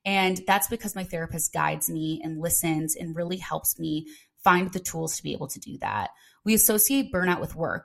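A woman's voice: lowish voice, vocal fry. A woman in her twenties hosting a podcast, talking casually and chatty with lots of filler words. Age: 20s. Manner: chatty, frequent "like" fillers, upbeat. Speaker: podcast host. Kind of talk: casual solo podcast chat.

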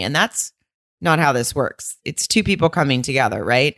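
A woman with a notably low voice talking casually on a podcast. She is frank and swears freely, and she acts out other people's lines as she goes. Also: lively intonation, fairly quick, fairly bright tone. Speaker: podcast co-host.

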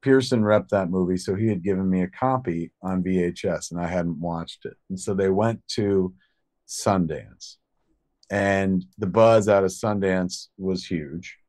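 A man co-hosting a podcast, telling a long story in a rambling, profane, animated way. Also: low-pitched, a little slow. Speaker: podcast co-host. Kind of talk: casual storytelling chat.

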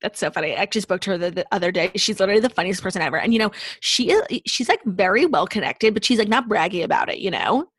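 Husky woman chatting fast on a podcast, tons of "like", dry close sound. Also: medium pitch, lively intonation, a bit bright, dry recording. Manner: chatty, fills speech with "like". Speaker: podcast co-host. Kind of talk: casual podcast chat.

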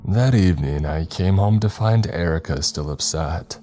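A man narrating a scary story in a calm, measured way. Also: deep voice. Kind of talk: scripted horror story narration. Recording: faint music bed underneath.

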